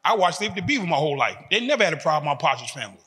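A man in his fifties gives a motivational talk in a big reverberant hall. His voice sits high and sounds bright and forceful. He tells his story in animated street talk and acts out the other people's voices. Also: very fast. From United States. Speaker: motivational speaker. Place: large hall in a prison.

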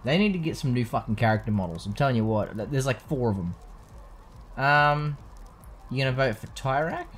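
A man's voice: mid-range voice, fairly quick, slight background noise. A young man casually commentating a video game playthrough, joking and swearing freely. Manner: profane, joking, animated. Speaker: let's play host.

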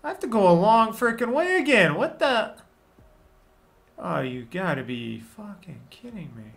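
Gravelly, animated man swearing at a game. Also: high-pitched, unhurried. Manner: frustrated, swearing and muttering at the game. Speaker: gaming channel host. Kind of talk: gameplay commentary.

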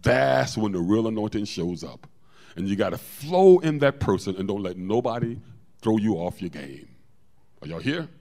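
A man preaching a lively sermon to his congregation, telling stories and calling out to the room. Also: on the low side, moderate pace, gravelly. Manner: animated preaching, storytelling with call-outs to the congregation. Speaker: pastor.

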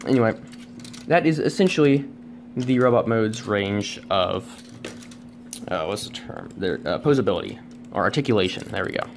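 A man's voice: lowish voice, expressive, moderate pace, slight background noise. Man, casual toy review, rambling talk, lots of fillers, self-deprecating, camera on a tripod. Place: at home.

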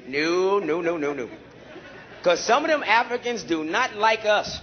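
A man with a high, very lively voice does brash, profane stand-up, jumping from mutters to shouts. He is heard on a dull, muffled recording of a club show, with a crowd and steady noise underneath. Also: measured pace. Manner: brash, profane, animated storytelling. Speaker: stand-up comedian. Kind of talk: live stand-up routine. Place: comedy club stage.

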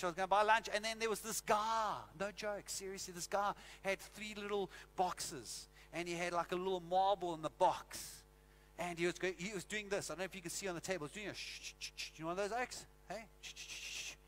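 Bright-voiced South African pastor preaching. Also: male voice, sits high, fast. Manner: animated storytelling, acts out scenes. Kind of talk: sermon. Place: church.

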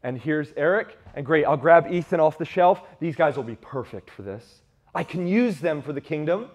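A man voicing God choosing whom to use, in a low, hushed, musing tone. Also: lively intonation, moderate pace. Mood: approving. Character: God choosing people, calm and deliberate.

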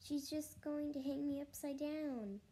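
A woman voicing a panicky, whiny schoolboy who pleads in a high, strained voice. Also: a little slow, warm tone, low-quality recording. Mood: pleading.

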